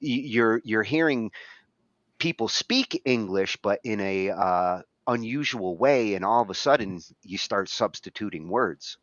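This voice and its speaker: A man's voice: lowish voice, lively intonation, measured pace, a bit bright, no room sound, highs cut off. A man whose first language was French, co-hosting a podcast in casual chat, thoughtful and a bit hesitant. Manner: hesitant, restarts and fillers, thoughtful. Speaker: podcast co-host.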